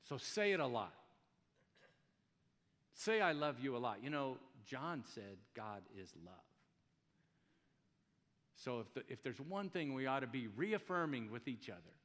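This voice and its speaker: A man's voice: mid-range voice, sing-song, a little slow, pauses often, a bit bright. A man pastor giving a casual, joking sermon in a church, asking his congregation rhetorical questions. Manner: conversational, jokey preaching with rhetorical questions. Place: church hall. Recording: long hall reverb.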